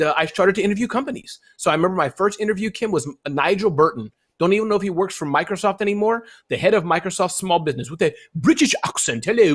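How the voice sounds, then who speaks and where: A middle-aged man in a relaxed interview chat, his voice a little higher than most men's. He talks with energy and often leaps upward in pitch when something excites him. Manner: lively, swings high when excited. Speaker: guest.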